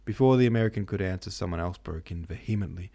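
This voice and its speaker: A man reading a novel aloud as host, in steady, measured narration. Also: deep voice. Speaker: host and audiobook reader. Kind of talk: scripted narration.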